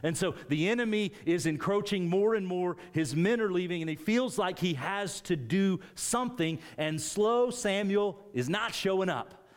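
A man preaching a sermon, retelling a scripture story with animated emphasis. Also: high voice, normal speed.

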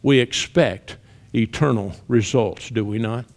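Delivering a sermon in a middle-pitched, creaky voice at a slightly slow pace, a male preacher tells a story with rising intensity. He shouts its cries aloud before sinking into hushed, earnest appeals.

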